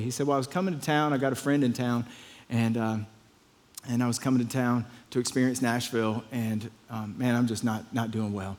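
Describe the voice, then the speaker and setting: A man's voice: medium pitch, steady tone, a little fast, darkish tone, in a large hall. A pastor telling a story in a conversational sermon, often repeating his words.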